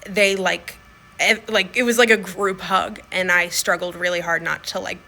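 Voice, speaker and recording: Bright-voiced chatty woman vlogging. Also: on the low side, steady tone, moderate pace, vocal fry, rough recording. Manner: chatty, many fillers. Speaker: school staff. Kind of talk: casual video diary.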